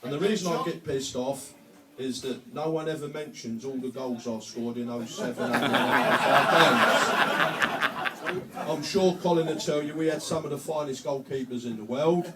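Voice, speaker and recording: A man's voice: medium pitch, normal speed. An older man giving an after-dinner speech as guest speaker, with modest, dry self-deprecating humour. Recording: distant mic with crowd noise.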